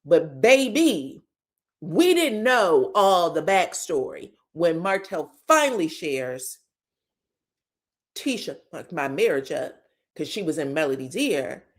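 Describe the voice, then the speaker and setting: Here a woman speaks slowly in a low register while recapping reality TV in a loose, gossipy way. Her talk is blunt and full of swearing, she addresses listeners as "baby" and "girl," and her lively delivery keeps bursting into stutters and outbursts.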